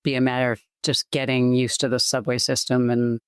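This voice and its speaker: A woman's voice: a bass voice, flat delivery, clear, resonant tone, dry recording. Podcast guest: middle-aged woman with a light Boston accent, rambling, chatty, dry close mic. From Massachusetts. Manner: chatty, rambling, quick asides. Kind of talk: casual interview chat.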